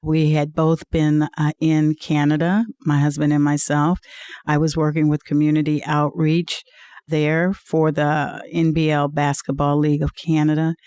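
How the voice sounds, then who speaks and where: A woman's voice: deep voice, completely flat delivery, a little slow, a little mellow, smooth, no room sound, clean studio sound. A woman guest in an interview, telling a personal story in an earnest, heartfelt way, with frequent "uh"s. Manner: earnest, heartfelt testimony with many "uh"s. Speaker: interview guest, league executive.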